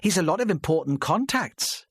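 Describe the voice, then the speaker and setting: A man's voice: animated, moderate pace, a bit bright, slightly rough, no echo, studio quality. A man voicing a nervous, evasive wife. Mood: guarded. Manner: high, tense and tearful.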